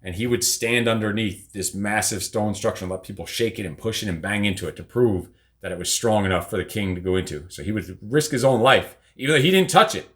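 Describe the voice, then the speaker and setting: A man's voice: on the low side, lively intonation, fairly quick. A middle-aged man hosting a casual live show, rambling and teasing, with casual swearing. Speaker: podcast host. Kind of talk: casual live-stream chat.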